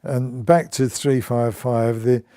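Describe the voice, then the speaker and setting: An older man recounts his years as a soldier in an oral history interview, storytelling with bursts of laughter and restarted sentences. His medium-pitched voice is steady, slow, mellow, and smooth.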